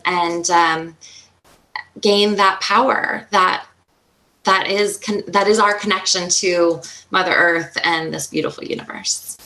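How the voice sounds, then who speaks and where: A woman retreat guide talks slowly and earnestly in a casual chat. Her voice is bright, and she speaks with spiritual warmth. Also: medium pitch.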